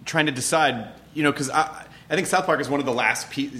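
Man, bright sharp tone, relaxed host, swears freely. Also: on the high side, a little fast. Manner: loose, profane, shouts when mimicking. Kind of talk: casual interview chat.

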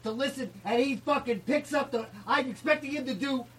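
A man playing a furious male roommate who shouts and swears in an over-the-top comic rant. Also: very high-pitched, a little fast. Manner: shouting, swearing, theatrical outrage. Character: ranting male roommate, furious comedy fan. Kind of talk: comedy bit, acted rant. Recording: distant mic, faint noise.

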